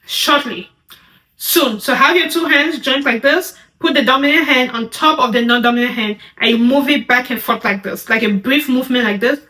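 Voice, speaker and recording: A woman teaching sign language, naming each sign and repeating it slowly as she demonstrates. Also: sits high, sharp tone, echoey room.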